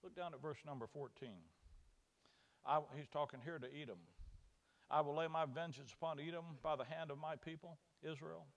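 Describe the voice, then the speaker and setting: A man preaching an expository Bible sermon, animated, often repeating words and acting out God's voice in folksy paraphrase. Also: on the high side, normal speed, vocal fry, dull audio.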